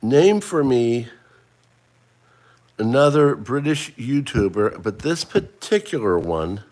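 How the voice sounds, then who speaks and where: A man's voice: medium pitch, big pitch swings, slow pace, darkish tone. A middle-aged man hosting a casual livestream, chatting and running a trivia quiz for viewers he addresses by name. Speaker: livestream host.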